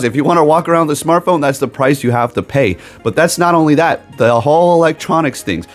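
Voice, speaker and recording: A man's voice: fairly high pitch, expressive, a little fast, few pauses, faint music behind. A man on a gaming video channel, rambling emphatically in a casual rant with sarcastic asides. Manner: rambling, emphatic, keeps tagging "okay?". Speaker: gaming YouTuber.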